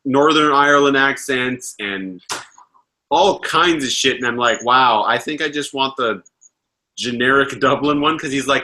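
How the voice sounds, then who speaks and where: A man hosts a casual livestream chat, spinning a loose, rambling anecdote. His voice is bright and forceful at an ordinary pitch, and he laughs and swears freely as he goes. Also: expressive, unhurried, rough recording. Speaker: livestream host.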